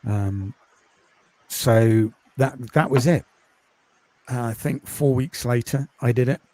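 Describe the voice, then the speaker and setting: A man from the UK, a podcast host and course creator, chatting in a quiet, calming voice with many ums in a casual interview over a video call. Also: medium pitch, takes it slowly, no echo. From United Kingdom.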